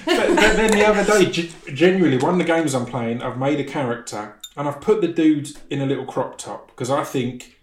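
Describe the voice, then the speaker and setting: A man's voice: a little high, brisk. Stammering man, echoey room. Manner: stammers on first sounds. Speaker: podcast guest. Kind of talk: casual chat.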